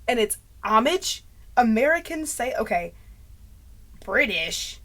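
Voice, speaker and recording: A woman chatting straight to her camera in a loose, rambling vlog, jumping from thought to thought and laughing at her own slips. Her voice is bright and forceful, close on a mic that runs hot. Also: on the high side, very animated, measured pace. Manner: rambling stream of consciousness, often laughing at herself. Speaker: vlogger. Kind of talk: casual talking-head chat. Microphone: mic close to clipping.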